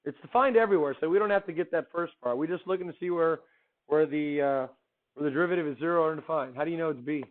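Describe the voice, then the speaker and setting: A man's voice: a little high, quick pace. Upbeat man teaching a class, phone-quality sound. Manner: upbeat, quizzing students with questions. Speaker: math teacher. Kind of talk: classroom lecture.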